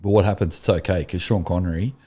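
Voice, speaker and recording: A man's voice: low voice, fairly even intonation, fast, dark tone, breathy edge. A man co-hosting a church podcast, chatting casually and telling a rambling story with enthusiasm. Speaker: podcast co-host. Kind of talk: casual chat.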